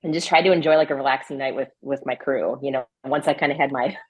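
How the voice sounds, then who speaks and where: A low-pitched woman talks through a casual interview in a loose, chatty way. She leans on fillers and breaks into laughs often, and her voice sounds dry and close to the mic. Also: quick pace, darkish tone, husky, no room sound, rough recording. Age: adult with a grown daughter. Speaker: interview guest, ultrarunner.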